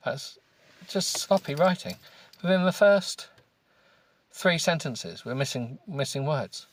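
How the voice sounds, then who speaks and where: A British man hosting a comedy podcast, grumbling and rambling as he reads a book aloud with deadpan, self-mocking remarks. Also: fairly high pitch, takes it slowly, dry recording. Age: adult with children. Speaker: podcast host.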